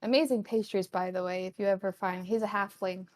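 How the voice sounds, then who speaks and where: A woman's voice: mid-range voice, fairly even intonation, a little fast. A woman narrating as game master in a tabletop game, hesitant and giggly, with lots of fillers.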